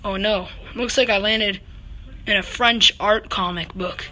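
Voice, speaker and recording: A woman voicing an excitable teddy bear in a homemade comic video, rambling and goofy, with whoops and lots of fillers. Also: mid-range voice, measured pace, slight background noise. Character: excitable teddy bear hopping between dimensions.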